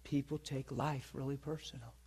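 Male preacher, husky voice, storytelling sermon that checks in with the listeners. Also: medium pitch, fairly even intonation, moderate pace. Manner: intimate storytelling that swings from hushed and tearful to loud and laughing; asks the listeners if they follow him.

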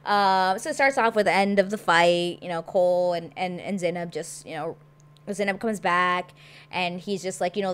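A young woman hosting a casual show recap, chatty and animated, with plenty of filler words. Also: fairly low pitch, normal speed, smooth. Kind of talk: casual chat.

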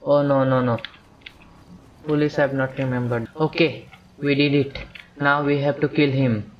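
A man's voice: medium pitch, fairly even intonation, a little slow, lo-fi sound, a little hiss or hum. A man gives casual commentary on a video game he is playing, rambling and talking to himself and to the characters on screen. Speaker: gameplay commentator. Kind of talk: casual let's-play commentary.

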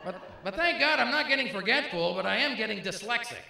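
A man's voice: extremely high pitch, expressive, creaky, bright, forceful tone. A man in his fifties doing a stand-up comedy routine, punchy and teasing, working the crowd. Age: 50s. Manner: punchy, teasing crowd work with quick jokes. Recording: live club, echoey with crowd noise. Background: audience laughter.

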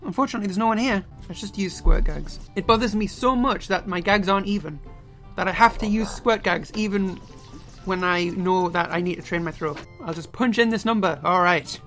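Goofy young man yelling over a game. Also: high-pitched, fairly quick. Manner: goofy, self-mocking, bursts into yells. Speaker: let's play gamer. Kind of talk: game commentary. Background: game music.

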